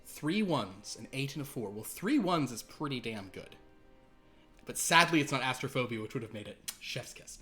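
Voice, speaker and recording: A man at a middle pitch runs a horror tabletop game. His narration rambles and is full of fillers. Faint music plays behind him. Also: lively intonation, normal speed, pushed and bright. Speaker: game master.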